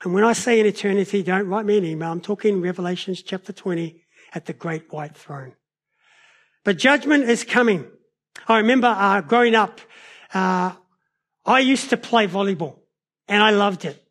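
A man preaches a sermon in a notably high voice. He tells stories in an animated way, shifting his pace and loudness as he goes. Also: moderate pace. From New Zealand. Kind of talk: sermon with personal storytelling.

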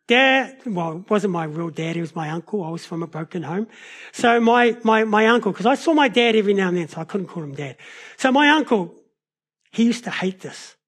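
A man preaches a sermon in a notably high voice. He tells stories in an animated way, shifting his pace and loudness as he goes. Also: moderate pace, pauses often, slightly rough. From New Zealand. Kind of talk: sermon with personal storytelling.

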